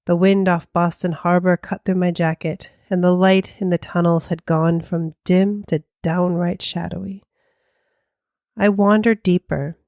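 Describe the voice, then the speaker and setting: A woman co-hosting a paranormal podcast, telling a ghost story in a slow, hushed, dramatic way. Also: lowish voice, vocal fry, dry recording, clean studio sound.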